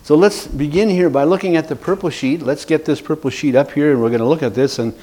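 A man's voice: a little high, quick pace, warm tone. A man teaching an evangelism class, earnest and repeating key words for emphasis. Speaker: evangelism trainer.

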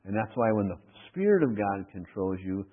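A man preaching an expository Bible lesson, reading verses aloud and explaining them, his voice getting louder on the quoted lines. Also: on the low side, very animated, normal speed, slightly rough. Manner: reads scripture aloud with running commentary, swelling louder on quoted verses. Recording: tinny radio broadcast sound.

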